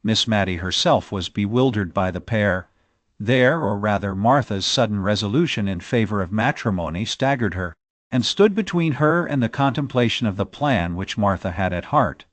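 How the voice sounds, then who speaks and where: A man narrating a classic novel as an audiobook, in expressive, measured storytelling. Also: on the low side, no echo.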